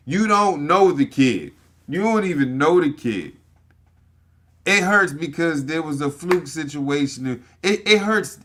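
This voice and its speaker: A man's voice: medium pitch, fairly bright tone. A man giving casual reaction commentary, talking emphatically and profanely straight to his viewers. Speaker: commentary streamer.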